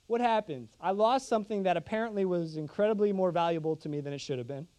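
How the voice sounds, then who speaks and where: A man's voice: sits high, fairly quick, a little mellow. A young man preaching a sermon, telling a humorous, self-deprecating story to his congregation.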